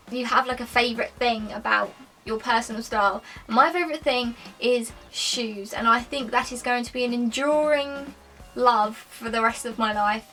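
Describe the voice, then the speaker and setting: Young woman vlogging, bright voice, kinda far from the mic, faint music under, rambly with loads of likes and ums. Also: on the high side. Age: 20s. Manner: rambling, lots of "like" and "um". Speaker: lifestyle vlogger. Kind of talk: chatty casual monologue to camera.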